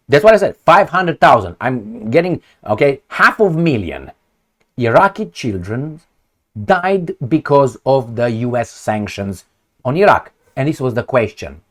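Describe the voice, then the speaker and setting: A man's voice: medium pitch, big pitch swings, measured pace. A man giving a sarcastic, profane political rant from indoors at home. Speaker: political commentator. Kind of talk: ranting political commentary.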